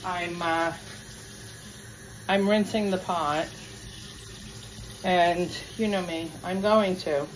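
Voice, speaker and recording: A cooking vlogger chats casually in her home kitchen while cooking, venting about her pet peeves. Her voice sits on the low side with fairly even intonation, a slow pace, and long pauses. The recording is rough, with slight background noise.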